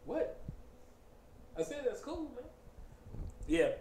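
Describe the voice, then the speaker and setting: A man hosting a casual chat, animated and joking, often breaking into laughter. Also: very high voice, slow pace. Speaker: host. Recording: echoey room, faint background noise.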